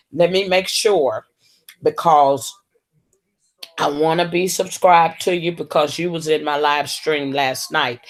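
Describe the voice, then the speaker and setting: A woman hosting a casual livestream, drawling and calling viewers baby and honey. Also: sits low. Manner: slow, drawling, full of terms of endearment. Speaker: livestream host.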